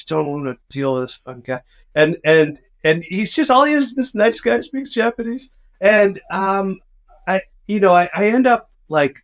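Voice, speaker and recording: A man co-hosting a podcast, telling a rambling, profane, self-mocking story in casual chat. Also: a little high. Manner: rambling, profane, self-mocking, acts out his own past outbursts. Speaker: podcast co-host.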